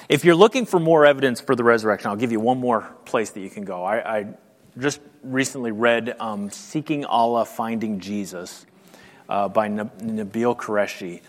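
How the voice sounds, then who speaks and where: A man preaching a sermon in a conversational way, with frequent ums and rhetorical questions. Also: medium pitch. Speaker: pastor. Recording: long hall reverb.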